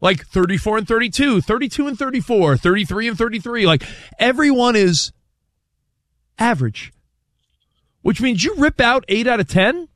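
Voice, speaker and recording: Sports host, male, lively and high, dry close mic, rambling sports chat. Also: normal speed, pauses often, no echo. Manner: animated and rambling. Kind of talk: casual sports talk.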